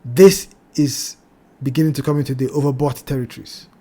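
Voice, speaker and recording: A man's voice: medium pitch, fairly even intonation, a little fast, slightly rough. Man warning viewers over trading charts. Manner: cautionary, repeats phrases, addresses "ladies and gentlemen". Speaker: crypto trading channel host. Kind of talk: chart analysis talk.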